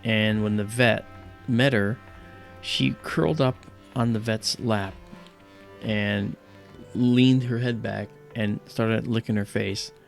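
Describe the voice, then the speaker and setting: A man hosting a live stargazing stream, telling rambling, animated stories with many fillers and pauses. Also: fairly low pitch, creaky, faint music behind. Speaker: livestream host. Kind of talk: casual storytelling during a live stargazing stream.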